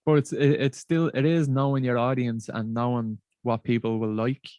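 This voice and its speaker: A man, a comedian guest in casual chat, halting and repeating words, colloquial and swearing. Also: medium pitch, level tone, darkish tone, no room sound.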